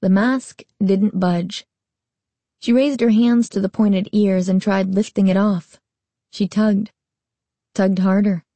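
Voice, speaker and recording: A woman narrating a storybook aloud with a slow, even reading. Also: medium pitch, no room sound.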